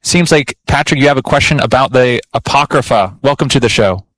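A man's voice: mid-range voice, brisk, fairly bright tone, low-quality recording. A man co-hosting a call-in radio Bible show, leading prayer and introducing callers in an earnest, friendly way.

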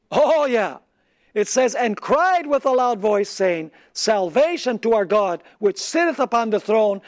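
A man with a high voice preaches a sermon. He asks the congregation questions and answers them himself, and he slows down to read scripture with care. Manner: reads scripture slowly and deliberately.

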